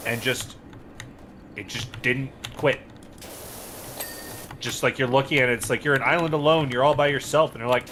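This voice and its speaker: A man rambles through his opinions in casual stream chat, cursing freely. His pitch sits in a middle range. Steady background noise sits under the voice. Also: moderate pace, long pauses, poor audio. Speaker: streamer co-host. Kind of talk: casual chat while gaming.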